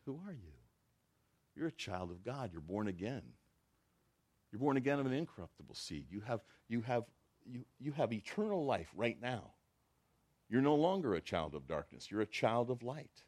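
A man preaching a sermon to a church congregation, acting out the dialogue he quotes in an animated way. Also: medium pitch. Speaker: pastor.

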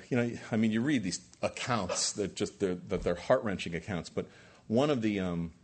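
A man's voice: low-pitched, breathy edge. A man preaching a sermon as pastor, with rising emphatic peaks and rhetorical questions to the congregation.

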